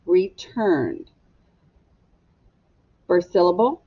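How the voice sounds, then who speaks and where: Lady teacher doing a slow phonics lesson for kids, kinda low voice, muffled lo-fi sound. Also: very animated, vocal fry, husky. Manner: slow, patient, drawn-out sounding of syllables.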